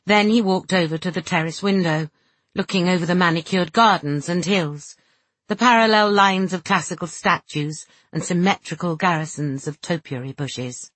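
A woman narrating an audiobook in a slow, soft, measured reading with a husky voice. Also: fairly low pitch, no echo. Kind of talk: scripted narration.

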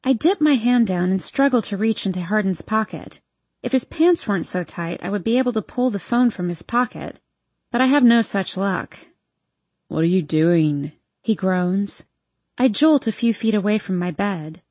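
A woman reading a first-person romance novel aloud in a soft, intimate storytelling manner. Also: mid-range voice, normal speed, no echo. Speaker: audiobook narrator.

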